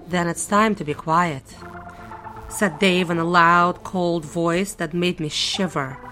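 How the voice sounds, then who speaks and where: A woman's voice: mid-range voice, sharp tone. A young woman narrating a first-person audio drama in a nervous, wry, self-mocking way. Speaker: narrator and lead character.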